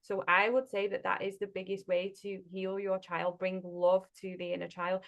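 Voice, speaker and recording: Gentle woman talking about healing. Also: medium pitch, little pitch movement, normal speed, creaky, lo-fi sound. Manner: gentle, reassuring, many "right?" asides. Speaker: healing coach. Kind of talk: casual podcast chat.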